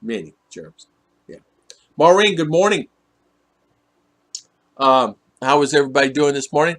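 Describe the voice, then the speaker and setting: A chatty man hosts a casual live stream and answers viewers' comments one by one. His voice is bright and forceful and sits a little high for a man, and he teases people in a playful tone. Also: expressive, unhurried, long pauses. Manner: teasing, chatty, laughs often. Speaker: live stream host reading chat.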